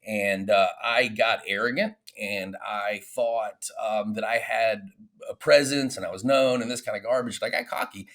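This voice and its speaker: A man who is a guest on a podcast, telling stories from his own experience in a candid, animated way. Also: on the low side, moderate pace. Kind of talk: casual interview storytelling.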